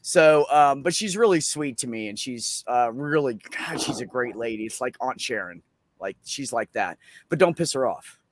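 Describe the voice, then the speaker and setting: A man telling a funny story in a casual, profane, animated way at an open mic. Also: medium pitch, normal speed.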